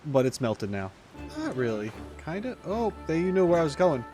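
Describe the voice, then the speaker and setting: A man streaming a game in casual let's-play commentary, excitable and rambling, talking to his viewers. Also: a little high, brisk. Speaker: gaming streamer. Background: faint game music.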